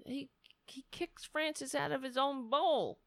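A woman's voice: sits high, measured pace, no room sound, clean studio sound. A middle-aged woman hosting a casual livestream, rambling and self-mocking as she chats to viewers and her cat. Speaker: livestream host.

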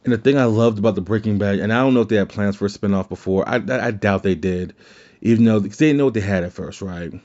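A man's voice: on the low side, fast, a little mellow, muffled recording. A man hosting his own show, talking through his thoughts in a rambling way and often restarting his sentences. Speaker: podcast host. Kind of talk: casual solo commentary.

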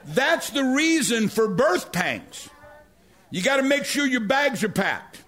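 A middle-aged male pastor preaching a sermon, telling stories with animated energy and rising to near-shouts. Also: very high-pitched, takes it slowly, a faint crowd.

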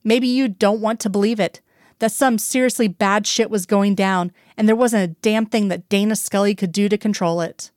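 A woman's voice: mid-range voice, fairly even intonation, moderate pace, dry recording, clean studio sound, lightly acted. A woman reading the lines of a male FBI agent who talks in tense, clipped bursts of anger. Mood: angry. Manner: tense, clipped, sharp outbursts.

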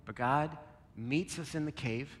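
A man preaching a sermon and leading a closing prayer, earnest, moving between loud emphasis and a soft near-whisper. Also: fairly high pitch, unhurried. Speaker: pastor. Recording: long reverb, soft guitar behind.

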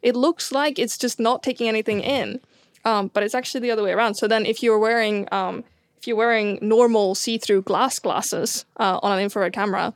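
A woman's voice: fairly high pitch, fairly even intonation, brisk, dry recording, clean studio sound. A woman astronomer in a casual science chat, talking in a chatty way with many fillers and restarts and frequent laughs. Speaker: astronomer guest.

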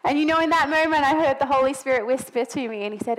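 A woman in her thirties preaches with a high, bright-pitched voice. She tells personal stories earnestly and rises to emphatic peaks. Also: fast, poor audio. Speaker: pastor's wife preaching. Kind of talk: sermon.

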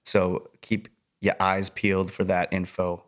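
A man's voice: low voice, level tone, measured pace. A man co-hosting a podcast in a laid-back, casual way. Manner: laid-back, wraps up and plugs. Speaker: podcast co-host.

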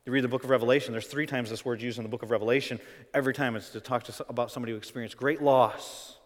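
A male pastor preaching a sermon, swinging between quiet, conversational stretches and loud, emphatic ones. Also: medium pitch, steady tone, fast. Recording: reverberant hall.

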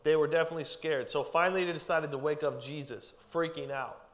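A man's voice: on the high side, steady tone, fast talker. A man preaching a casual, joking sermon to a group, with chatty asides. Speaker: pastor. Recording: long hall reverb.

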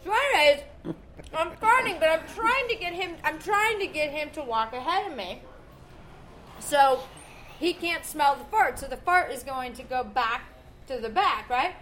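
A woman's voice: sits high, expressive, normal speed, fairly bright tone, slight background noise. A young woman chatting casually as a co-host, telling a story with lots of animation and frequent laughter. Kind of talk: casual chat.

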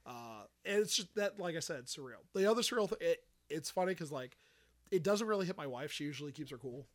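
A man's voice: on the high side, brisk. A man hosting a podcast, telling stories in casual chat and acting out the dialogue. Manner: animated storyteller who acts out quoted dialogue. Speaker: podcast host.

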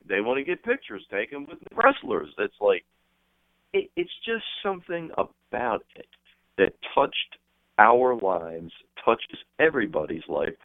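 A middle-aged man telling casual stories as a guest on an interview, animated and quick to jump into high voices when quoting people. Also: no echo. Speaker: guest, wrestling manager and author. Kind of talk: casual storytelling on a call-in interview. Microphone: telephone. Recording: tinny phone line.

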